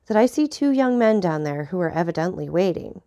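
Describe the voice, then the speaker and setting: A woman voicing a steady, observant man who speaks plainly. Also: on the low side, brisk, highs cut off. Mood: calm. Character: steady male brother-in-law, observant.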